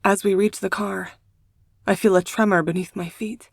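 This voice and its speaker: A woman narrates a first-person novel in a hushed, emotional audiobook reading. Her voice sits at an ordinary middle pitch. The sound is close and dry, with no room echo. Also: fairly even intonation, normal speed, creaky, husky.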